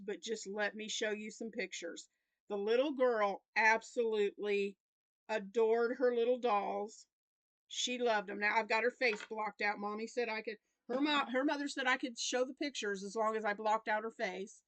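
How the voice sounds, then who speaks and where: A grandmother in her fifties with a Southern American accent, who vlogs about crochet, chats casually to camera about her week, rambling and restarting. Her voice is a little high and fairly bright, with a steady tone at normal speed, and there's no echo.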